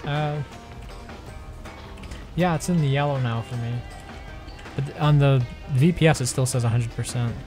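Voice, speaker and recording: A man's voice: mid-range voice, normal speed, long pauses, a little mellow. A man streaming a game with friends, chatting casually and joking wryly about the lag. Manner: laid-back, wry about the lag. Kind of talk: casual gaming chat. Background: game music.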